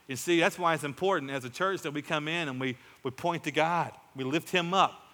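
A male pastor delivers a sermon with a bright, forceful voice that keeps pushing into emphatic peaks. His words ring out with a long reverb, as in a large church hall. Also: a little high, fairly quick. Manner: emphatic, rising to exclamations.

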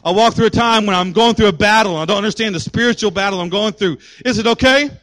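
A man's voice: high-pitched, quick pace, fairly bright tone. A middle-aged man preaching a sermon with call and response, building to impassioned exhortation. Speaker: pastor.

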